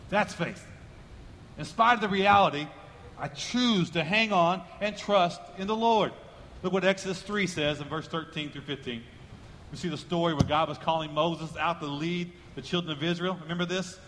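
Preaching a sermon, a male pastor builds emphatically, repeating his key phrases and driving each line upward in volume. His voice is a little high and a bit bright, moving at normal speed, with a long reverb tail behind it.

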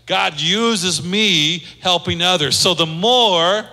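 A man's voice: high-pitched, slow, bright, forceful tone. A man preaching a sermon in a conversational way, acting out quoted speech as he goes. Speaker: pastor. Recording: long hall reverb.

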